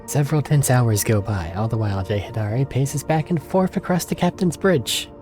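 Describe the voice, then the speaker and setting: A man's voice: mid-range voice, animated, moderate pace, a little mellow, faint music behind. Man narrating a tabletop game. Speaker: game master.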